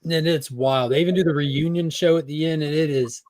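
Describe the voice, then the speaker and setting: A man's voice: a little high, steady tone, a little fast, a little mellow, no echo, studio quality. Enthusiastic rambling male panelist. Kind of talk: casual panel chat.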